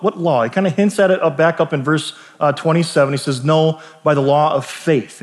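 A fairly high-voiced man preaching in an easygoing, talky manner. He often restarts his sentences and checks in with his listeners. The sound carries the long reverb of a big hall. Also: darkish tone. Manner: conversational, frequent restarts and asides. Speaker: pastor. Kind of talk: sermon.

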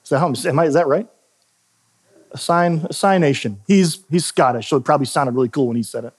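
A male pastor delivers a sermon in a church in an easygoing, conversational manner. His voice sits a little high for a man. He stumbles, restarts and throws in self-deprecating asides as he goes. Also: fast, breathy edge.

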